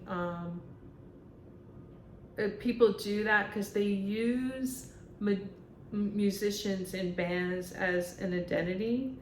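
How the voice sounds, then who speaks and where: Woman medium, casual vlog monologue, filler-heavy, unhurried, faint rumble behind. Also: echoey room. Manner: rambling, filler-heavy, laughs often. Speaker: spiritual medium.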